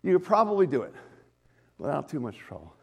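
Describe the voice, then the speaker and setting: A male pastor preaching a sermon in an animated way, dropping to hushed tones and then rising to emphatic ones. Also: fairly high pitch, fairly quick, creaky, husky.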